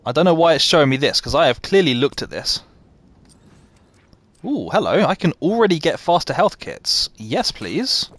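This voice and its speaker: A man's voice: a little high, lively intonation, no room sound. A British man giving casual, self-deprecating commentary to his chat while streaming a game. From Britain. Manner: self-deprecating, quick asides to chat, laughs often. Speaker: gaming streamer. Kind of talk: casual live gameplay commentary.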